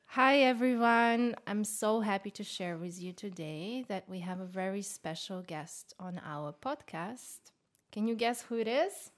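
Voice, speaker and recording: A woman's voice: mid-range voice, unhurried. A woman co-hosting a podcast, opening the show cheerfully and putting questions to a guest. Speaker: podcast co-host. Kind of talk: podcast interview.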